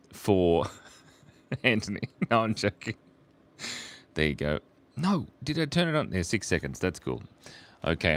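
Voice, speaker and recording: An Australian man streaming live, chatting playfully with his viewers while he draws and murmuring softly as he sketches. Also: deep voice. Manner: playful, reads chat aloud, murmurs softly while drawing. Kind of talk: live-stream drawing chat.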